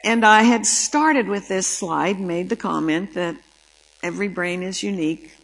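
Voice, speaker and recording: An older woman giving a talk about the brain, telling an anecdote in a lively storytelling way and acting out the dialogue. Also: mid-range voice, measured pace, gravelly, low-quality recording. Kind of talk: storytelling lecture.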